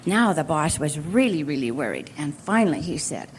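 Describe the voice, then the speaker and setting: A woman's voice: deep voice, very animated, normal speed, few pauses, slight background noise. An older woman giving a speech at a convention, telling homely family anecdotes in a folksy storytelling manner. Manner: folksy storytelling with occasional laughs. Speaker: convention speaker. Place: convention hall at a college.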